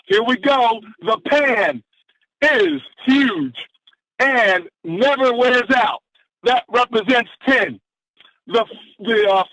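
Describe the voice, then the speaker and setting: A man's voice: very high voice, fairly bright tone, no room sound, highs cut off. A man on a conference call, exuberantly whooping and cheering as he reads motivational quotes in a preacher-like style. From Atlanta, Georgia. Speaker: caller giving motivational quotes. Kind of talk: excited conference-call pep talk. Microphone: phone line.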